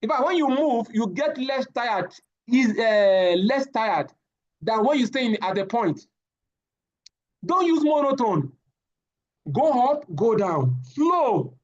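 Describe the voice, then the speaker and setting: A man, giving a live safety training lecture, animated and often repeating his words as he addresses the class. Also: very high-pitched, slow, lo-fi sound.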